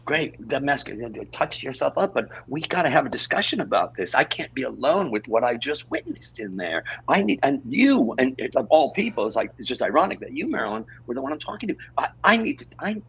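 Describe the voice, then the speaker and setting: Stage improv: a man as a husky, gravelly, flustered family man who stammers, with wildly swinging pitch. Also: big pitch swings, a little fast, few pauses, lo-fi sound, heavily acted. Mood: urgent. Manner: stammering, urgent, repeats himself. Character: flustered married man, father of many, pleading. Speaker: improv performer. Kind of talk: improv scene acting. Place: theater stage.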